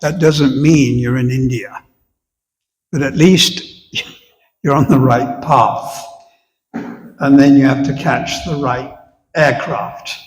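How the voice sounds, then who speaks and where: Slow-spoken man lecturing in a reverberant hall. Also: mid-range voice, fairly even intonation. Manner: unhurried, conversational, asks the audience questions. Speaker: visiting spiritual teacher. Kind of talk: devotional lecture to a congregation. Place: temple hall with long reverb.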